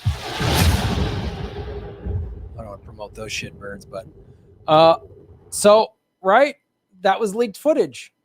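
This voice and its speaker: A man's voice: high voice, very slow, pauses often, no echo. A man hosting an online political commentary show, talking bluntly and sarcastically and swearing often. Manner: sarcastic and animated.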